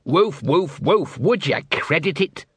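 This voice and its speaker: A scruffy little talking dog with a sarcastic, grumbling streak, as a man reads him, pitched a bit above the reader's own voice. The tone is husky and close, with a dry sound and no room around it. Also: very animated, slow pace, no echo, full character voice. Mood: wry. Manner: grumbling, crude.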